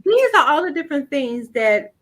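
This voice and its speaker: A woman personal branding coach with a high, light voice, speaking emphatically in a preacherly cadence. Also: big pitch swings, moderate pace, poor audio. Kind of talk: inspirational coaching talk.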